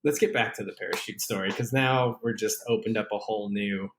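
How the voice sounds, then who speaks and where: A man's voice: lowish voice, fairly even intonation, a little fast, fairly bright tone, a little hiss or hum. A man hosting a podcast in casual chat, jokey and self-deprecating. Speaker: podcast host.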